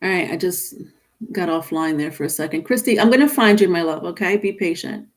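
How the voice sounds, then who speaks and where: A woman's voice: on the low side, brisk. A woman reading tarot on a live stream, talking with viewers in a chatty, casual way, reading their comments aloud and calling them honey. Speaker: tarot reader.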